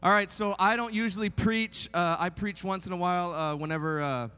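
A man in his thirties is guest-preaching in a large church sanctuary, where the recording carries long hall reverb. His voice is high, steady, sharp and clean, a little fast, as he tells funny, self-mocking stories in a chatty way full of fillers.

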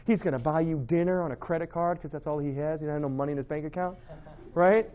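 Male preacher with a high voice, playful and animated, muffled dull sound. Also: fast talker. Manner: animated storytelling, playful, laughing asides. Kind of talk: humorous sermon.

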